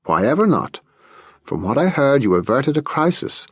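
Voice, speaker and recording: A man's voice: mid-range voice, sing-song, normal speed, breathy edge, no echo, studio quality, voice pushed up. A man voicing a chatty, lecturing party man. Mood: approving. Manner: talkative, confident, lecturing. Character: chatty, self-assured male party economist.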